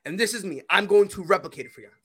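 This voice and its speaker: A young man hosting a podcast, telling a long story in casual chat, swinging from low mumbles to loud shouts. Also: racing, slightly rough. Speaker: podcast host.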